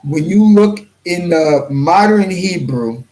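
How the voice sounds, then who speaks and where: A man hosting his own channel, reading viewer comments in a rambling, blunt way and clearing his throat often. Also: sits high, animated, slow pace, mellow, poor audio. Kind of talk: casual livestream commentary.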